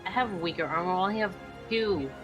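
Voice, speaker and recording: A woman's voice: on the low side, quick pace, over music. A woman chatting casually while playing a video game with friends, with playful, exasperated complaints. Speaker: game player. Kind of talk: casual gaming chat.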